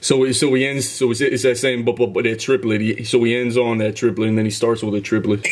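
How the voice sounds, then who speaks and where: A man reacts to a track in casual commentary. He is eager and counts out the rhythms as he goes, in a mid-range voice. Clear music plays under him the whole time. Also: mid-range voice, level tone, a little fast. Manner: enthusiastic, breaks down rhythm and delivery aloud. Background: music playing behind.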